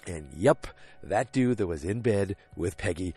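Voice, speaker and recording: A rambling man hosts a podcast, retelling a TV episode in a loose, chatty way with lots of ums and restarts. His voice sits fairly low. The sound is dry and close, with no room around it. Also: expressive, a little slow, darkish tone, slightly rough, dry recording, faint music behind. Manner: rambling, retells scenes in quoted voices, many fillers and restarts. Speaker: podcast host. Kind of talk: casual episode recap.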